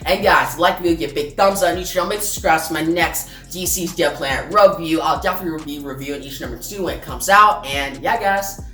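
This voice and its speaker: A man's voice: a little high, fast, hardly any pauses, bright, forceful tone, distant mic. A man reviewing a comic book in a casual vlog. He retells the plot in a rambling way, with plenty of "like" and "pretty much". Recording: roomy, off-mic with faint music.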